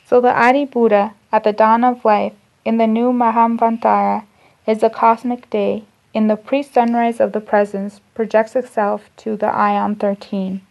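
A woman giving a spiritual lecture, reading esoteric teachings aloud in a measured, deliberate way, often restarting and repeating phrases. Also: fairly high pitch, flat delivery, vocal fry, darkish tone. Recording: dull lo-fi recording.

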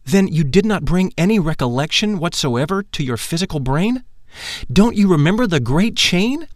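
A man's voice: fairly high pitch, sing-song, normal speed, no echo, clean studio sound, pitched above the performer's own voice. A man voicing a solemn female adept. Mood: solemn instructing. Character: wise woman adept of an occult brotherhood.

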